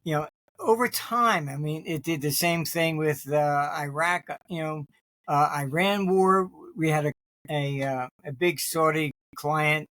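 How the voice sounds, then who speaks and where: A fairly high-pitched man speaks in a dry, close recording. He answers interview questions with long, loose anecdotes, drifting between half-finished sentences and stopping often to clear his throat. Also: measured pace, a bit bright, dry recording. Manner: restarts sentences, many fillers. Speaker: interview guest, market forecaster.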